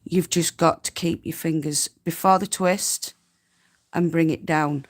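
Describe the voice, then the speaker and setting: This North Yorkshire woman, with her Yorkshire accent, chats warmly through spinning tips on her live stream, laughing frequently. Her low voice is unhurried, with fairly even intonation.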